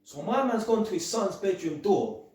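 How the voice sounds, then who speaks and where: His voice is high-pitched and he speaks at normal speed, the sound roomy. A young adult Englishman, he tells a casual, slangy tale from his electrician work, animatedly acting out those he quotes.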